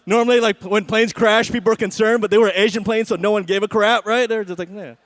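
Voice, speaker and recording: A man's voice: sits high, fairly even intonation, fast, fairly bright tone. A man doing a stand-up comedy set at an awards show, with a sarcastic, punchy delivery and frequent "right?" asides.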